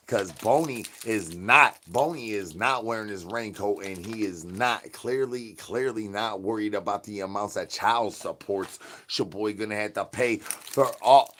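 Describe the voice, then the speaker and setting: Male streamer, lowish voice, improvised raunchy rant, chant-like repetition, volume jumps. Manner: rambling, repetitive chanting, swings from mumbles to loud bursts. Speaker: comedy streamer. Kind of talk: crude improvised comedy rant.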